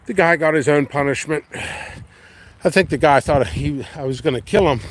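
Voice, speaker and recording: A man's voice: a little high, moderate pace. A man hosting a casual walking vlog in his windy backyard, rambling easily and thinking aloud. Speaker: pepper grower and channel host. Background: light wind and outdoor noise.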